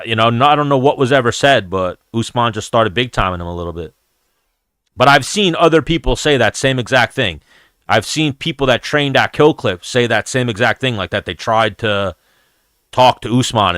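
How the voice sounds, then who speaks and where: A man with a bright, crisp voice tells stories on his podcast, swearing freely and acting out what other people said. The sound is dry and close, with no room around it. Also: mid-range voice, no room sound. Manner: profane, animated storyteller acting out quotes. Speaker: podcast host. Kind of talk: casual storytelling chat.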